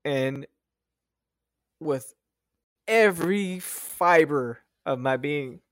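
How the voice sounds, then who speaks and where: A man's voice: on the high side, expressive, very slow, no room sound, clean studio sound. A man in his thirties telling a personal story as a podcast guest, emotional and profane, with many fillers and restarts. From United States. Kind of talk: casual storytelling.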